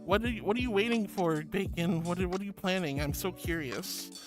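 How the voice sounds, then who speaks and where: With music playing in the background, a Florida woman chats casually on her stream, reading viewer messages out loud. She talks fast at a medium pitch, sounding bubbly and sweet and calling everyone sweetie.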